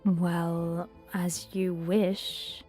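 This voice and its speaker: Game role: a guarded young woman, reserved, flat and even delivery. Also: fairly low pitch, very slow, faint music behind. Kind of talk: video game voice acting.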